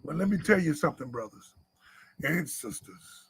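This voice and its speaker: A man preaching a sermon to a men's meeting at church, repeating his points and sometimes shouting. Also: on the high side, lively intonation, normal speed, slight background noise. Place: church live stream.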